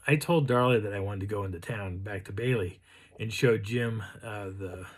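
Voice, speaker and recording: A man's voice: on the low side, moderate pace. A man hosting his own channel, telling a casual story to the camera in a rambling way, with frequent restarts and fillers. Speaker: channel host.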